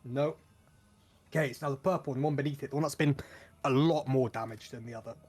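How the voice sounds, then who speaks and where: A man running a tabletop game as game master, playful and quick to laugh. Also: mid-range voice, darkish tone, slightly rough.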